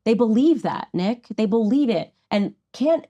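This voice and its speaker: A woman's voice: a little high, animated, unhurried, few pauses, dark tone. A woman in a heated podcast debate, firm and insistent, repeating her points. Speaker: podcast guest.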